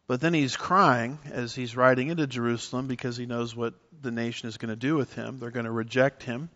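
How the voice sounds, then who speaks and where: Preacher, male, mid-pitched, emphatic teaching delivery, slightly dull recording. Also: moderate pace. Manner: animated, emphatic teaching with scripture references. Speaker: pastor. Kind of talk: sermon.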